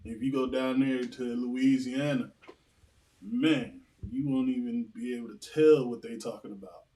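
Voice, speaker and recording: A man's voice: medium pitch, measured pace, recorded from a distance, low-quality recording. A man chatting casually at a religious service, speaking loosely and conversationally as he shares his experience. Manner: relaxed, conversational, loose phrasing with fillers.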